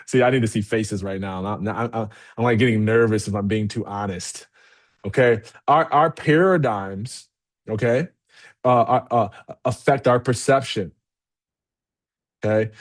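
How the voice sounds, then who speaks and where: A man giving a motivational talk as keynote speaker to a live audience, candid and energetic, often checking in with "okay?". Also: mid-range voice. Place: event room with a live audience.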